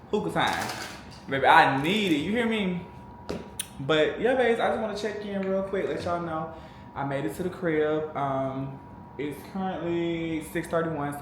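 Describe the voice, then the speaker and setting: A man vlogging casually to camera as a truck driver, chatty and sassy, calling viewers babes and honey. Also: on the high side. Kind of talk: casual vlog chat to camera. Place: small room, at home or in a truck cab. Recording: echoey room, faint background noise.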